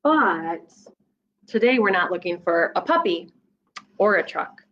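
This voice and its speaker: A woman children's librarian reading a picture book aloud at storytime, playful and animated, with gasps and sound effects. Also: lowish voice, measured pace, muffled recording.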